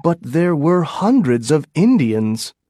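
A man's voice: fairly high pitch, big pitch swings, slow pace, dark tone, no echo, studio quality, exaggerated voice. A man voicing an anxious male colonial leader in a storybook reading, speaking in a worried, pleading way.

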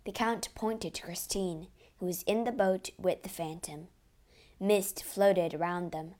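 A woman narrating a children's storybook aloud in an expressive, dramatic way. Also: on the low side, measured pace.

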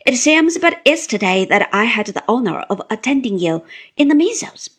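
A woman's voice: fairly high pitch, sing-song, breathy edge. A woman doing a meek elderly country doctor. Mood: meek, deferential. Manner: slow, deferential, apologetic.

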